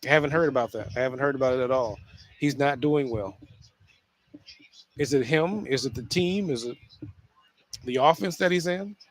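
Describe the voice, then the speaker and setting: A man hosting a casual solo sports talk show, speaking in an animated way with frequent restarts and repeated phrases. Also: medium pitch, moderate pace, pauses often.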